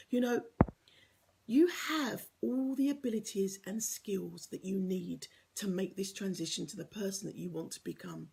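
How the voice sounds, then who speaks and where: A woman's voice: mid-range voice, gravelly, darkish tone, breathy edge. A woman giving an earnest, encouraging motivational talk as a life coach, sometimes dropping to a whisper for emphasis.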